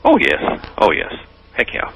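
A man's voice: a little slow, fairly bright tone, slight background noise, rough recording. An older man telling his story in an interview, rambling and hesitant with many fillers. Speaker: interview guest.

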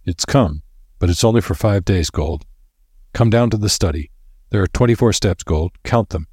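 Guy doing a stern steady scientist type, low husky voice, dry sound. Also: normal speed, no room sound. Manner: stern, firm.

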